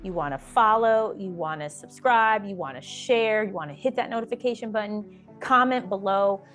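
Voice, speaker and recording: A woman's voice: medium pitch, moderate pace, a bit bright, faint music behind. Emphatic woman giving business advice. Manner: emphatic, encouraging, repeats words for stress; addresses viewers as "y'all". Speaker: small-business coach. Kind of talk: direct-to-camera advice video.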